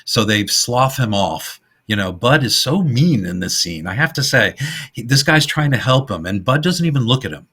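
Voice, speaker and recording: Middle-aged male podcast co-host, bright and husky, lively storyteller. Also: medium pitch, moderate pace. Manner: animated retelling, acts out quoted lines in funny voices. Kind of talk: casual film discussion.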